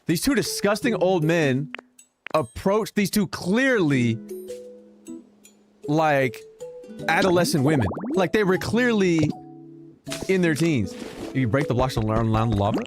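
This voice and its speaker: A man streaming a video game, telling stories in an animated, profane, casual way. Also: a little high, unhurried, pauses often. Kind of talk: casual storytelling while gaming. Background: game music.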